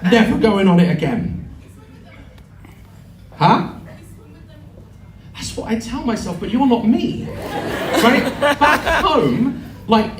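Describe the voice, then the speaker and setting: A man telling a comic story to a live audience, animated and sweary, acting out voices and screams. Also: high-pitched, slow, long pauses, a little hiss or hum. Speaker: live show performer. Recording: echoey venue, heard from afar. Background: audience laughter.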